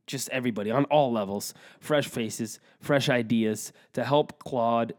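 A man co-hosting a casual hockey chat, his voice sitting at an ordinary middle pitch. He talks bluntly and with strong opinions, dropping jokes and teasing his co-host along the way. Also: a little slow.

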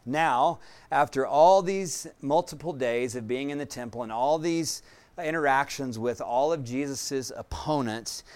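A man preaching a sermon as pastor, earnest, with frequent fillers and pauses. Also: mid-range voice, clean tone.

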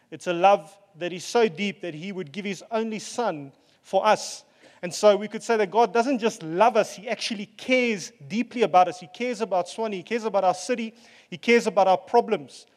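A man preaching a sermon as pastor, earnest and relaxed, with fillers and asides. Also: sits high, big-room sound.

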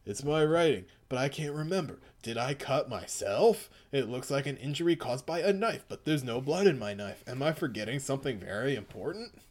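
A man's voice: medium pitch, expressive, fairly quick, hardly any pauses, close to an everyday voice. A man reading as a puzzled young man. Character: puzzled young man, worried, questioning himself. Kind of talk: reading comic dialogue aloud.

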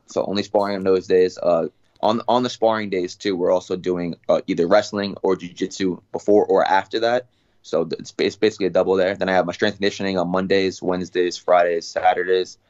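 A young adult man, a fighter guest, talking through his training routine in a relaxed, casual way. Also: low voice, highs cut off. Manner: relaxed, talks fast with fillers and restarts. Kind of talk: casual interview.

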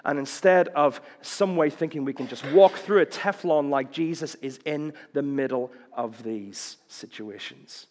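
A man's voice: a little slow, few pauses, in a large hall, slight background noise. A man preaching a sermon, impassioned, acting out quoted cries as his voice rises. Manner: impassioned, acts out quoted cries with rising pitch.

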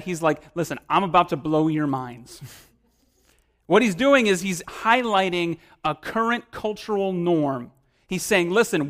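A man, a pastor, preaching a sermon in a conversational style, with casual phrasing that swells in emphasis and drops to quiet asides. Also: high voice.

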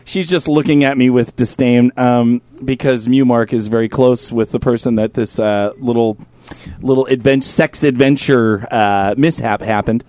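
A man's voice: medium pitch, steady tone, normal speed, dark tone, no echo. A man hosting a studio podcast, swearing freely and laughing often as he banters. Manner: profane, blustery, laughs often. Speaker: podcast host. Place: studio before a live audience.

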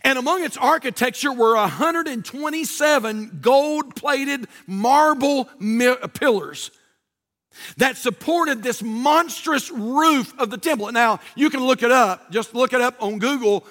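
A male pastor preaching a sermon, stressing key words with slow drawn-out emphasis and rising to shouts. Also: very high voice.

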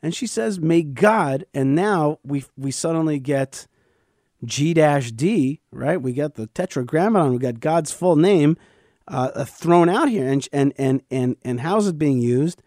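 Guy with a fairly high voice explaining scripture, emphatic, lots of and-and restarts, dry close sound. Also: lively intonation, a little slow, darkish tone, no echo. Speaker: radio show host. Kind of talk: scripture teaching commentary.

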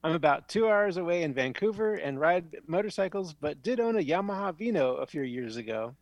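A man with a slightly high voice reads a listener's letter on a casual podcast. He is easygoing and stumbles now and then. The recording is dry and close. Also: animated, fairly quick, dry recording, dull audio. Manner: easygoing, stumbles and laughs while reading. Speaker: podcast co-host reading listener mail.

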